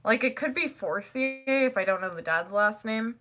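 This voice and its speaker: Bright-voiced giggly young woman. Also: expressive, normal speed, faint music behind. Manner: rambling, giggly, acts out quotes in high voices. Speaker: vlogger. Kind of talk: casual chat.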